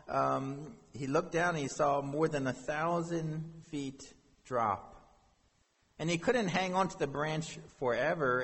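A male pastor reads scripture during a sermon and works through it with his listeners in an earnest, conversational manner. His husky, breathy voice is a little high and a bit bright, and it echoes with the long reverb of a large hall.

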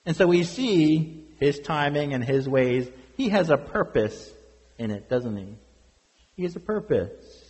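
A pastor preaching with earnest, questioning emphasis. His voice sits a little high for a man, and it rings with a long reverb in a church hall. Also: expressive, a little slow, a little mellow. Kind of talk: sermon.

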